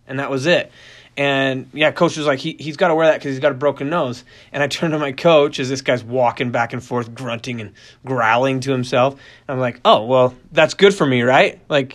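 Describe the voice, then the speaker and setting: A young man telling a funny personal story in a casual, animated way, often laughing and restarting his sentences. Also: medium pitch.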